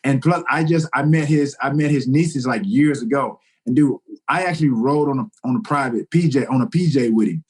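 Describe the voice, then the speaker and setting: A man co-hosting a podcast, telling stories in a relaxed, rambling way with lots of fillers. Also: medium pitch, brisk, few pauses, breathy edge. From United States. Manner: relaxed storytelling with many fillers. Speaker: podcast co-host. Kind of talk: casual chat.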